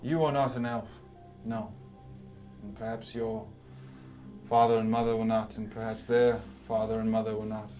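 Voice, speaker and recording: A man voicing a courtly old male elf noble who speaks in a formal, measured way, with music playing behind him. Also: on the low side, flat delivery, dark tone, natural voice. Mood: courteous.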